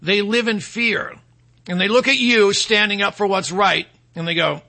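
Talk radio guy ranting, sharp bright tone, kinda mocking the other side. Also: sits high, normal speed, gravelly. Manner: mocking, combative, mimics opponents in quoted voices. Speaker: radio talk show host. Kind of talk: opinionated political talk monologue.

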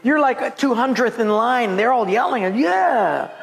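A man preaching as a pastor, telling animated personal stories and acting out the voices of the people in them, laughing often. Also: very high-pitched, brisk. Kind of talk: sermon with storytelling.

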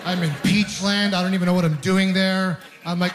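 Man, thirties, stand-up comedy set, high-pitched, lively storytelling, club stage mic. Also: moderate pace. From Ontario. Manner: animated storytelling, acting out voices.

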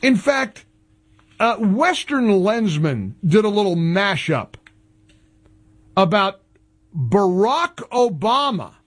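A man's voice: high-pitched, big pitch swings, takes it slowly, pauses often. A man hosting a talk show, delivering sarcastic, mocking political commentary. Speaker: radio talk show host.

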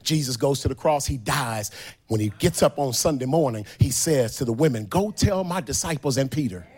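A man preaching a sermon, retelling the story dramatically, swinging from quiet asides to shouted, sung lines. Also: mid-range voice, animated, moderate pace, slightly rough.

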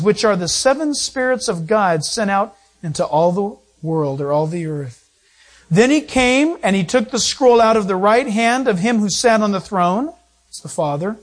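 A man preaching a sermon to his congregation, reading scripture aloud and asking and answering his own questions. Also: sits high. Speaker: pastor. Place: church service.

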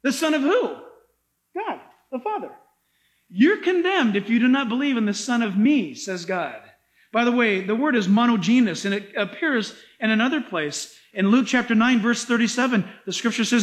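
With a strikingly high voice, a male pastor delivers his sermon in an animated, dramatic style. He drives each point home with emphasis.

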